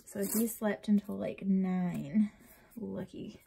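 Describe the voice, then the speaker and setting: Tired, chatty woman with a gravelly voice. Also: mid-range voice, takes it slowly, warm tone, a little hiss or hum. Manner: chatty, rambling, often drops to a near whisper. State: tired and uncomfortable. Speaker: planner channel vlogger. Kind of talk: casual chat while decorating a planner.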